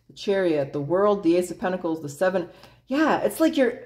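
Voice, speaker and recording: A woman's voice: on the low side, big pitch swings, normal speed, darkish tone. A woman doing a casual tarot reading in a blunt, chatty way, swearing freely and laughing often. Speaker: tarot reader.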